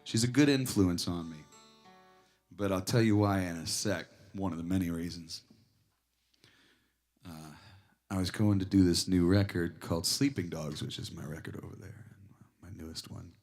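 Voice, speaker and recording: Low-voiced man rambling between songs. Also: normal speed, darkish tone, faint music behind. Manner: chatty, rambling storyteller, self-described nervous talker. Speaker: singer-songwriter and guitarist. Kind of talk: live stage banter between songs. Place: record store in-store performance.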